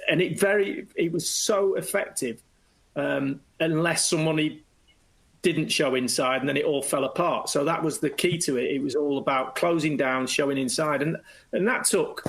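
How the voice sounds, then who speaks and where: A middle-aged man, a former footballer, telling anecdotes as a guest in a lively way and slipping into quoted voices. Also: fairly high pitch, moderate pace, creaky, breathy edge, low-quality recording. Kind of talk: anecdotal storytelling.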